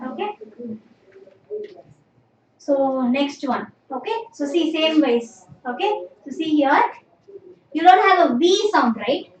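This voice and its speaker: A woman's voice: sits high, expressive, takes it slowly, long pauses. A woman teaching a language class, patient and drilling students, saying "okay" constantly. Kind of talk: live online class. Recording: echoey room, distant mic, faint noise.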